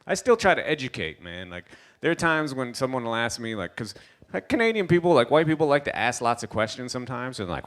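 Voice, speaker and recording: A fast-talking, medium-pitched man from Trinidad, with a Trinidadian accent, does stand-up on the stage of an indoor gala. He tells his stories with animation, acting out each of the characters.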